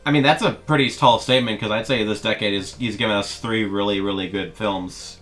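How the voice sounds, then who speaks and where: A man's voice: lowish voice, steady tone, brisk, a bit bright, faint music behind. A man co-hosting a podcast in casual chat over a call, wry and sarcastic. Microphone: video call.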